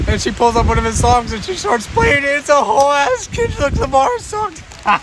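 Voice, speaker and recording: A man's voice: extremely high pitch, big pitch swings, a little fast, poor audio. A young man hosting a casual chat stream, telling a story with frequent laughter and lots of dude and bro. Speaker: livestream host.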